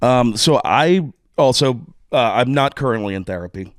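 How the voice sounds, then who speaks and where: A man's voice: mid-range voice, lively intonation, normal speed, no room sound, studio quality. A man with a Texan accent, a drummer guesting on a podcast, talking candidly and rambling with lots of swearing and restarts. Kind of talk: casual conversation.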